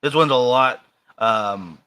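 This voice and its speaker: Bright-voiced rambling American man. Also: mid-range voice, slow, clean tone. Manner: rambling, hesitant, many fillers and restarts. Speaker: podcast co-host. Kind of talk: casual chat.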